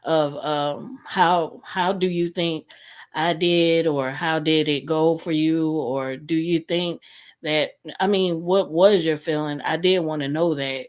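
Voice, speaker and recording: A woman with a lowish voice hosts a live stream talk. She pleads with her listeners and keeps repeating her key phrases. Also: steady tone, slow. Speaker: host.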